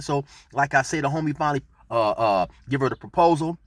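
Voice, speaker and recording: A man's voice: mid-range voice, fairly quick, few pauses, no room sound. A middle-aged man telling a street story in laid-back slang, rambling with fillers as he goes. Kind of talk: casual storytelling.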